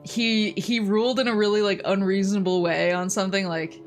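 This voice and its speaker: A woman's voice: mid-range voice, little pitch movement, a little fast, soft background music. A young woman streamer chatting casually while playing a game, telling rambling stories and laughing often.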